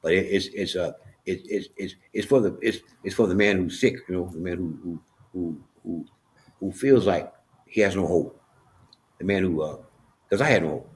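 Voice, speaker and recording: A man's voice: sits low, normal speed. A man telling his personal story as a podcast guest, earnest and emotional, often restarting and repeating words. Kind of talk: candid personal storytelling in an interview.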